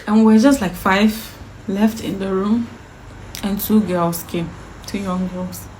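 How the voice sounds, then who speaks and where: A woman's voice: mid-range voice, fairly even intonation, slow, dark tone, a little hiss or hum, low-quality recording. A woman vlogger telling a personal story to camera in an indignant, emphatic way, firing off repeated questions.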